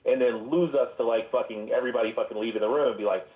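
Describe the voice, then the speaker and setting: A man's voice: medium pitch, steady tone, rapid-fire. A man in a heated, profane voice-room chat, rambling and arguing. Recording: tinny phone-like audio, roomy echo.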